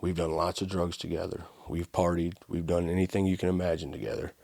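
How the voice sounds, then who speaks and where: Deep-voiced man telling his story casually. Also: fairly quick, creaky, dry recording, clean studio sound. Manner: casual, animated storytelling with frequent "right?" and "like". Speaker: podcast guest. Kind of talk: conversational storytelling.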